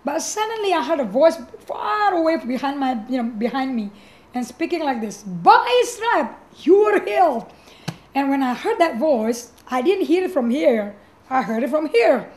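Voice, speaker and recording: A middle-aged woman, a pastor telling her personal testimony in an animated way with frequent restarts. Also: high voice, moderate pace. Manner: animated, acts out quoted voices, frequent restarts.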